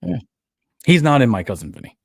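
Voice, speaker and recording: A man co-hosting a casual movie review podcast, retelling scenes with animated, laughing energy. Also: medium pitch, a little fast, vocal fry, husky, dry recording. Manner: animated storyteller, laughs at his own retellings. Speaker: podcast co-host. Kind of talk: casual film review chat.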